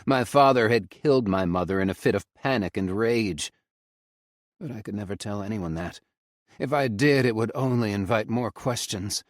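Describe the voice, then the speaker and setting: A male audiobook narrator reading a first-person story in a grave, measured manner on a close studio mic. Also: fairly low pitch, no room sound.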